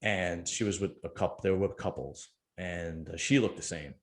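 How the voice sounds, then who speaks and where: A man's voice: deep voice, moderate pace. A middle-aged man, hosting a casual chat and telling a rambling, joking story. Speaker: podcast host.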